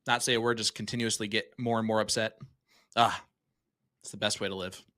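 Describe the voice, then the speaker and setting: A male darts commentator with a bright, forceful voice, calling the action live. He keeps up a loose, joking patter and teases his co-host between legs. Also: fairly low pitch, fairly even intonation, brisk. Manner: jokey, teasing banter.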